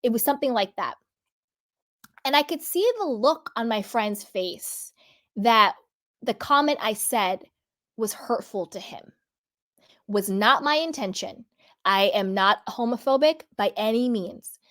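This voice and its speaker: A woman hosting a casual commentary vlog, talking earnestly and slowing down to stress key words. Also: fairly high pitch, lively intonation, a bit bright. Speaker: host.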